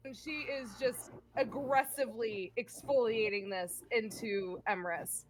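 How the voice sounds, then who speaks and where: A woman playing a tabletop role-playing game, talking in an excited, rambling, profane way. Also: fairly high pitch, a little slow, a loud crowd. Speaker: player. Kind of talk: tabletop game play, casual chat.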